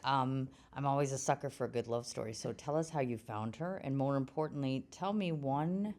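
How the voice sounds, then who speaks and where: A woman hosting a podcast interview, casual and enthusiastic, teasing her guest and chiming in with quick affirmations. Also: rumbling low, darkish tone.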